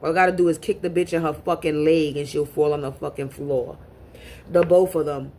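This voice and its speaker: A woman's voice: sits low, fairly even intonation, a little fast, mellow, a little hiss or hum. A woman speaking to camera in a casual monologue as a spiritual reader, talking bluntly and profanely and often repeating words as she restarts.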